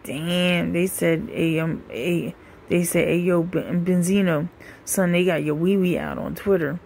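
A woman's voice: on the low side, fairly even intonation, measured pace, vocal fry, a little mellow, a little hiss or hum. A woman hosting a gossip show, casually commenting and reading comments aloud in a laid-back, profane way.

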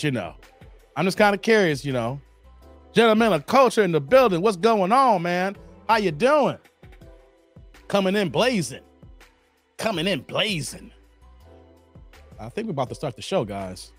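Chicago guy on a livestream, high voice bouncing all over, soft music under it. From Chicago area. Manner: laughing, teasing banter with chat. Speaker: livestream host. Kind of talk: casual livestream chat reading comments.

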